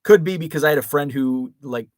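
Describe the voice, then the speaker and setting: Rambling host with a dry close sound. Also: male voice, on the high side, a little fast, no room sound. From Chicago area. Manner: rambling, many fillers and restarts. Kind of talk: casual live chat reading comments.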